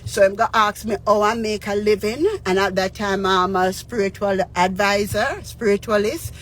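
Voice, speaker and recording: A woman's voice: medium pitch, fairly even intonation, normal speed, slight background noise. A woman with a Jamaican accent tells a personal story earnestly. She mixes Patois with English and keeps checking in with the listener. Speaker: radio DJ and spiritual advisor.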